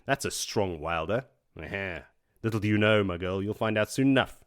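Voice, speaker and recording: A man co-hosting a book podcast, recapping chapters in casual chat and acting out characters' lines in quick voices. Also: on the low side, expressive, clean tone. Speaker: podcast co-host.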